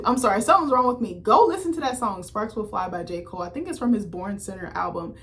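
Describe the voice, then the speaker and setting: A young adult woman chatting casually on her vlog, animated and slangy, swearing freely and rambling off on tangents. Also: medium pitch, fast talker, hardly any pauses. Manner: rambling, self-interrupting. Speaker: YouTuber reviewing a TV series. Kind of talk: casual chat.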